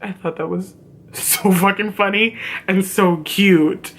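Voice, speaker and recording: A woman recapping a TV episode in a casual vlog, excitable and swearing freely, her voice jumping higher when she gets worked up. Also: slow, a little hiss or hum. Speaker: TV show reviewer.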